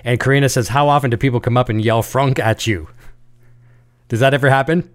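A man hosting a casual interview, talking quickly and eagerly and reading out viewer questions. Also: mid-range voice, steady tone. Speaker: interview host.

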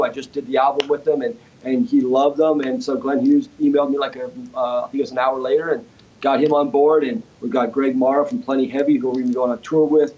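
Over dull audio, a man with a medium-pitched voice shares a story as a guest in a casual interview. He's a guitarist and inventor, recording in a home studio, and he animatedly acts out the other people's lines.

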